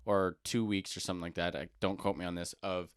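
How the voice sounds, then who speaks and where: Low-voiced young man chatting. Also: fairly even intonation, quick pace, clean tone, no echo, clean studio sound. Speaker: podcast co-host. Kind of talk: casual chat.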